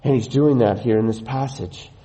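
A man's voice: medium pitch, normal speed, dark tone, low-quality recording. A middle-aged man preaching a sermon as pastor, earnest and emphatic, often repeating his phrases for weight.

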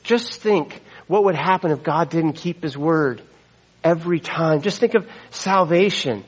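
A man's voice: on the high side, expressive, measured pace, breathy edge, poor audio. Earnest middle-aged man preaching. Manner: earnest, preaching with quoted scripture and asides. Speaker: pastor. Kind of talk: sermon.

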